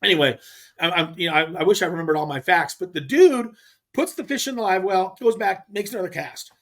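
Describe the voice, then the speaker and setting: Man, middle-aged, from California, podcast guest, casual animated storytelling, slightly high voice, stumbles and restarts. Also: fairly quick. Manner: animated, acts out others' lines, frequent restarts. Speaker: podcast guest, pro angler.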